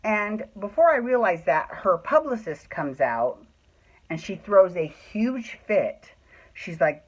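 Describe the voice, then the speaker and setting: A man's voice: sits high, big pitch swings, takes it slowly, dull audio. A man telling a personal story in a casual, chatty way, swearing freely and acting out what people said. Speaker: storyteller host.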